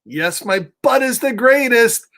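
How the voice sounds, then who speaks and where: A man reading the lines of a boastful young boy from a picture book aloud to children, in slow, sing-song rhyme. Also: very high voice, lively intonation, pushed and bright, exaggerated voice. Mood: proud, sing-song. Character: boastful young boy proud of his noisy bottom.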